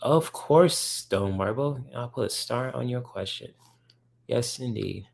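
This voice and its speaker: A man's voice: mid-range voice, animated, slow, vocal fry, darkish tone. A man hosting a casual livestream, answering viewers' chat questions in a rambling, enthusiastic way with lots of fillers. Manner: rambling, filler-heavy, enthusiastic about comics.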